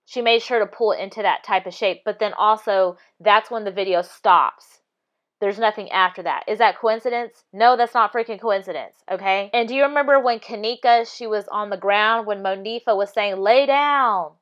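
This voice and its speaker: A woman talks through video clips in a casual commentary. Her voice is smooth and clear, with an insistent, repetitive way of pressing each point and frequent halting restarts. The audio is slightly dull and lo-fi. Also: mid-range voice, a bit bright. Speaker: video analysis vlogger.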